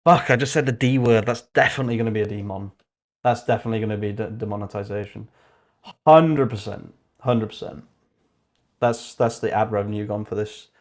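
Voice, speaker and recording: A young man with a slightly low voice talks loosely through a coding livestream. He swears, muses aloud, and drops into a flat murmur when reading notes off his screen. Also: quick pace. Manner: chatty, swears freely, thinks aloud. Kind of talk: casual livestream chat while coding.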